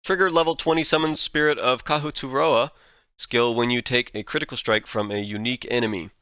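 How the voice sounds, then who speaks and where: A man casually reading out game skill text and reacting with excitement, a little sleepy and yawning. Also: mid-range voice, a little fast, smooth, no room sound, muffled recording. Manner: enthusiastic, reads game text aloud then reacts. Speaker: gaming content creator.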